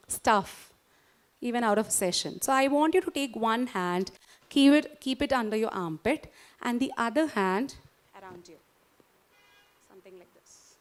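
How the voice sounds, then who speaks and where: A woman with an Indian English accent giving a motivational lecture to a professional audience, coaxing and interactive, often checking in with her listeners and guiding them through a calming exercise. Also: high voice. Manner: warm, coaxing, interactive, asks the audience questions. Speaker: guest speaker at a doctors' society.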